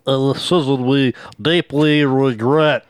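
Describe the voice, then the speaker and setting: A man's voice: mid-range voice, fairly even intonation, takes it slowly, clear, resonant tone, no echo, lightly acted. A man reading the part of a smug family lawyer making a formal plea in a comedic script reading.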